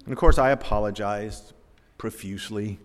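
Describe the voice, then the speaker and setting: A man preaching a sermon, telling a self-deprecating personal story in an animated way before drawing a lesson from scripture. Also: fairly low pitch, moderate pace, in a large hall.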